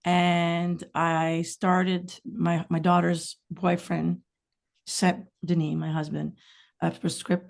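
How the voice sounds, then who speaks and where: This middle-aged singer-songwriter has a fairly low, creaky voice. Chatting casually on a podcast as a guest, she rambles through candid stories and keeps tossing in lively asides.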